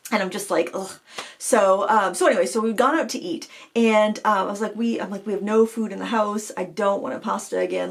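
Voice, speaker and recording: A woman in her forties from Maine chats to camera as a craft vlogger. Her voice sits at an ordinary middle pitch. She rambles and breaks into laughter often. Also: gravelly. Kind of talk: casual chat to camera.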